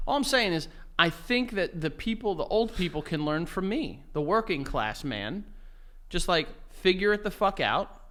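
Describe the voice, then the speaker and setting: A man's voice: high voice, moderate pace. A young man, co-hosting a podcast and telling crude stories in casual chat. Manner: crude, animated storytelling. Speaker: podcast co-host.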